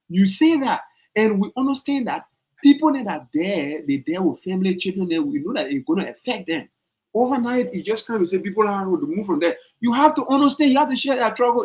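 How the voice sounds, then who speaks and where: A man hosts a political opinion podcast. His voice sits a little high, and he drives his points home with repetition, dropping low to read comments and then climbing loud when he urges action. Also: rough recording. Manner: emphatic and repetitive, pressing points hard; swings from low, calm reading to loud, high-pitched urging. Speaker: podcast host.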